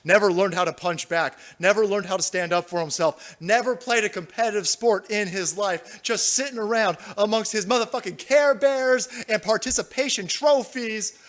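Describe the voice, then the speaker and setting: Brief: foul-mouthed, mocking male streamer reading chat, high voice. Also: normal speed, hardly any pauses, a bit bright. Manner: profane, mocking, laughs often. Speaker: livestream host. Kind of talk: political commentary livestream.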